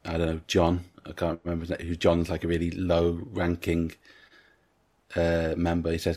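A man's voice: deep voice, completely flat delivery, normal speed, darkish tone. A man co-hosting a podcast in casual film chat, retelling scenes at length and quoting the characters' lines. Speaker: podcast co-host.

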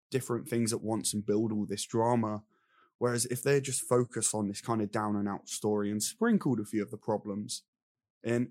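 A young man running through his notes in an exasperated, animated rant. His quoted character voices are mocking. The sound is dry and close. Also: mid-range voice, dry recording. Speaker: film review podcast co-host. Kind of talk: casual chat.

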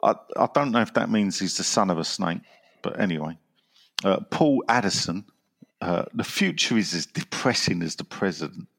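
A man with a low, deep voice hosts a relaxed football podcast. He reads listener messages aloud with dry humour and chuckles at his own asides. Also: moderate pace. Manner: dry and wry, laughs at his own jokes. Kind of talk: casual football podcast chat.

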